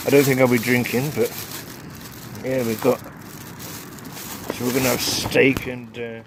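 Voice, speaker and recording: A man's voice: medium pitch, background noise. Chatty man vlogging from a tent. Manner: chatty and rambling, with chuckles. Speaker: wild camping vlogger. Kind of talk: casual vlog to camera. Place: tent outdoors in wind.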